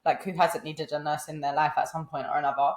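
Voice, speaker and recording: A woman's voice: low voice, fairly even intonation, fast talker, reverberant. A young woman co-hosting a podcast, speaking frankly and bluntly in casual chat. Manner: frank, blunt, laughs easily. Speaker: podcast co-host.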